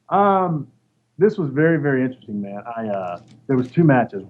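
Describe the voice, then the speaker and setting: A man with a mid-range voice speaks unhurriedly as he tells casual stories in an interview. The former wrestler is an animated storyteller, doing the voices of those he quotes. The recording is lo-fi and dull, with faint noise.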